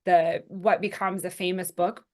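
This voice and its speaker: A woman's voice: on the low side, level tone, unhurried, darkish tone. A woman co-hosting a podcast in casual chat, talking in a chatty, rambling way with plenty of fillers. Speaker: podcast co-host.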